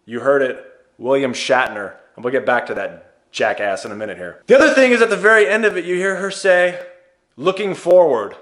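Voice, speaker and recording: A man delivering an animated, mocking rant in an older vlog clip. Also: mid-range voice, fairly quick, echoey room.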